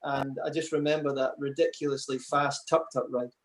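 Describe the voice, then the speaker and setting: A man's voice: medium pitch, little pitch movement, normal speed. A man answering interview questions and telling long, chatty anecdotes, with many "you know" asides. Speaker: interview guest, table tennis player. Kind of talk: casual storytelling interview.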